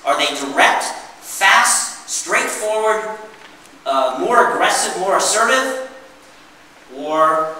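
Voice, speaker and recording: A man giving an interactive workshop presentation, animated and drawing answers from his audience. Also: on the high side, slight background noise. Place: meeting room with an audience. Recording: echoey hall, mic far off.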